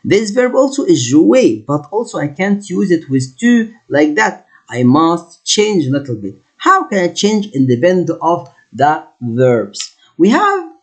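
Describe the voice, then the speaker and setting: Husky teacher slowly spelling out French. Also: male voice, a little high, sing-song. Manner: slow deliberate repetition of French words, halting English. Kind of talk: classroom lesson explanation.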